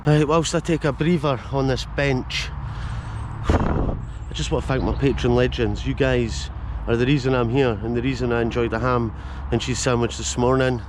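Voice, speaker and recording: A man's voice: medium pitch, steady tone, normal speed. Scottish man, walking vlog, chatty, jokey asides, outdoors, camera mic, faint traffic noise. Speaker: vlogger and host. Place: outdoors, walking through village streets. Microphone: handheld camera mic.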